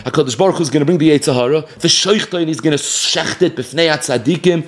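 Guy teaching a talmud class, kinda high voice, quotes then explains quick and punchy.

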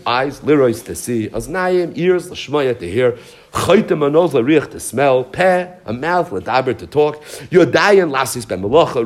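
A man teaching a Talmud class in an animated lecture style, weaving Hebrew and Aramaic terms into English explanations. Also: a little high.

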